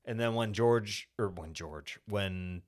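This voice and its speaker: A man's voice: lowish voice, takes it slowly. A man co-hosting a podcast, casually retelling a film scene by scene in a rambling way with frequent profanity. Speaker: podcast co-host. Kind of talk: casual movie recap chat.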